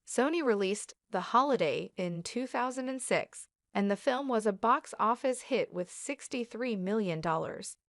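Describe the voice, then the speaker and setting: A woman narrating a scripted entertainment news piece in an even, read-aloud delivery. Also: on the high side, moderate pace, hardly any pauses, dry recording, clean studio sound.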